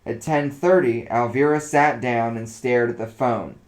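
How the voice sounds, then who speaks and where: A man narrating a story aloud in a relaxed, casual reading voice. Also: medium pitch, a little slow, poor audio.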